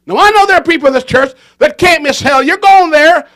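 A man preaching a fiery sermon, swinging between shouting and hushed tones and hammering home repeated phrases. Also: very high-pitched, fairly quick.

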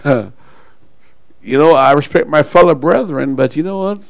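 A pastor preaching a sermon to his congregation, calling people up front and pausing for call-and-response. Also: a little high, creaky, no echo, low-quality recording.

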